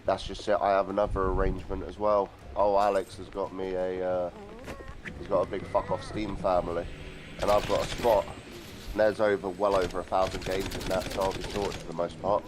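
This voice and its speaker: A man's voice: low voice, little pitch movement, brisk, background noise. A British man chatting bluntly over a voice call, swearing casually. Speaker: stream guest, friend. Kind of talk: casual chat.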